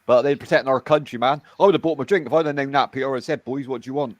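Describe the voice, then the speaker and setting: A man's voice: medium pitch, very fast, no room sound. A man telling rambling stories in casual chat, swearing freely. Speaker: chat participant.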